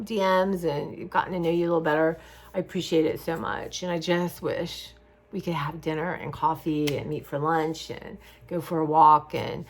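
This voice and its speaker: Woman, middle-aged, low-ish voice, casual vlog chat, rambling, heartfelt. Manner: rambling, heartfelt, talks straight to viewers. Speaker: craft vlogger.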